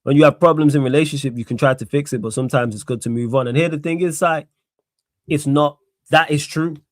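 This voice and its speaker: A man's voice: fairly high pitch, a little fast, no echo, studio quality. Blunt, swearing man streaming solo. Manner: blunt, sarcastic, repeats points emphatically, swears. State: tired. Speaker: streamer host. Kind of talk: solo live-stream sports Q&A.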